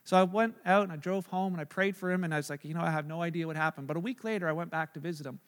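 High-voiced pastor in a reverberant hall. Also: male voice, racing. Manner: earnest, retells a hospital conversation with many fillers and restarts. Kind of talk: sermon storytelling.

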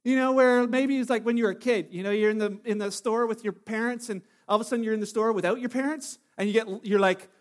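A man's voice: sits high, steady tone, fast talker, hardly any pauses. A man giving a chatty sermon full of jokes and stories, with many fillers and restarts, from Canada. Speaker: pastor.

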